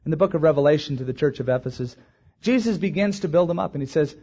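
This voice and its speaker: A man preaching a sermon as a pastor, rising to emphatic peaks and slowing down to stretch key words. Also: a little high, expressive, warm tone, husky. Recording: dull lo-fi recording.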